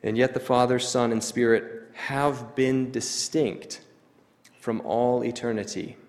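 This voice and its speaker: At a middling pitch and a steady tone, a preacher gives a measured, explanatory teaching sermon. He pauses to stress key phrases, and a long hall reverb trails each line.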